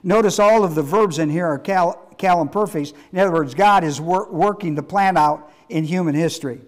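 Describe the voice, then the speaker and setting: A man with a high-pitched voice preaches as a pastor. He teaches emphatically, repeating himself and quizzing the congregation. His delivery is halting and full of restarts. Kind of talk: sermon teaching.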